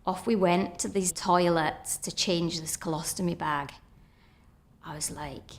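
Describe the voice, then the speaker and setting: A woman's voice: fairly low pitch, fairly even intonation, unhurried. Middle-aged woman telling her story earnestly. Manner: earnest, reliving moments in inner-voice quotes. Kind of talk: personal storytelling.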